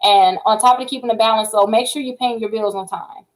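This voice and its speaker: A woman with a slightly high voice runs a casual livestream from her home desk. She rattles along quickly and keeps talking directly to her viewers. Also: steady tone, rough recording. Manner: fast-talking, chatty, addresses viewers as y'all. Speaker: credit repair livestream host. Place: home setup with multiple screens.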